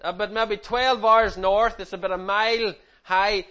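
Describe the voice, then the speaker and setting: Middle-aged man, higher-pitched voice, relaxed chatty slideshow presenter who teases the kids. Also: measured pace. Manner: chatty, teasing, animated with the audience. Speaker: speaker presenting slides to a group. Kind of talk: informal slideshow talk to a young audience.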